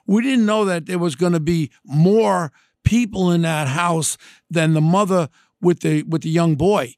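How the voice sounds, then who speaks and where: A man's voice: sits high, a little slow, no echo, studio quality. A man hosting a podcast, telling a true crime story in a rambling way and acting out the dialogue. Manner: rambling, repeats "next thing is", acts out quoted dialogue. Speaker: podcast host.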